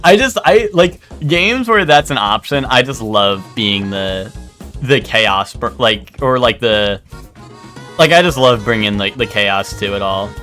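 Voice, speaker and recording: A young man streaming live, chatting casually and rambling, with animated bursts into loud outbursts. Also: on the low side, unhurried, faint music behind.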